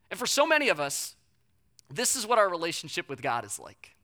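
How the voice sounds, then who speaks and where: A preacher gives a sermon in a bright, forward voice, talking straight to the listeners. The delivery is dramatic, rising to loud emphasis and then dropping soft and slow. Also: medium pitch, huge pitch swings. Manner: addresses listeners directly.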